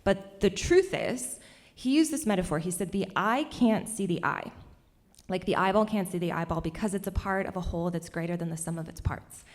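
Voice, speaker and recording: A young woman telling a personal story on stage at a cultural center, animated and laughing often between lines. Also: on the low side, fairly quick, hardly any pauses.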